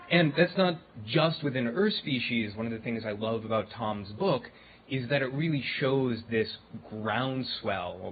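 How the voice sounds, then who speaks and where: A man speaking casually to a live audience, loose and chatty with many fillers. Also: medium pitch. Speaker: guest speaker on AI and animal communication. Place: event hall before an audience. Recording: tinny phone-like recording with faint noise.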